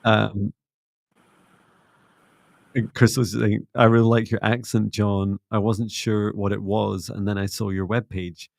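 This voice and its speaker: Middle-aged guy hosting a spiritual live stream, low gravelly voice, soft and calm. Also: unhurried, long pauses, no room sound, clean studio sound. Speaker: psychic mentor and livestream host. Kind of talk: casual livestream chat and guided closing.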